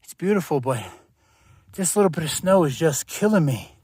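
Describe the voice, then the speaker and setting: A man's voice: fairly high pitch, expressive, moderate pace, darkish tone, husky, dry recording. A man on a hiking vlog, talking to the camera while he walks a snowy mountain trail, out of breath and tired from the altitude. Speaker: thru-hiker vlogger.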